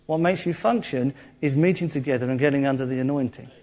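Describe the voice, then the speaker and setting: A man preaching a sermon in a lively, conversational way, joking with his listeners. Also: medium pitch, fast. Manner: lively, jokey, conversational, acts out quotes.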